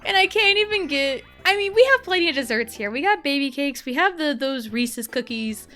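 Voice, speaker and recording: A woman's voice: sits high, expressive, brisk, bright, forceful tone, faint music behind. A woman in her thirties streaming a game, chatting casually in a rambling, exasperated way with lots of fillers. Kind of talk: casual chat while gaming.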